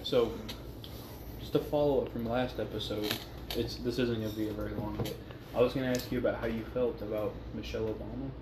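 A young man rattles through casual podcast banter at a quick clip. He keeps things joking and loose. His voice bounces around an echoey room over a steady hiss of noise. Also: on the low side. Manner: fast-talking, joking. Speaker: podcast co-host.

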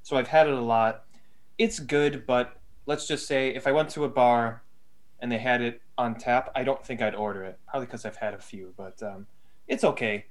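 A man co-hosting a casual chat show, reviewing a beer in a relaxed, rambling way with plenty of fillers and restarts. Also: mid-range voice, moderate pace. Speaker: podcast co-host.

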